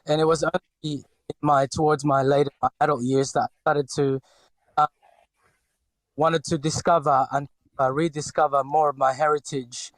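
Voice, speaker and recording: Flat delivery at normal speed and a voice on the high side mark this Filipino man in his forties, whose accent is light, with no room sound. Appearing as a podcast guest, he speaks hesitantly, with plenty of fillers and restarts.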